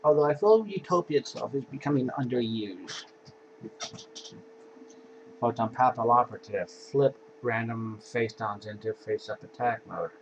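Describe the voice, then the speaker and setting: A man's voice: mid-range voice, moderate pace. A man casually walking through his card game deck in an offhand, laid-back way, with sighs and yawns between cards. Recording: dull lo-fi home recording with faint hiss.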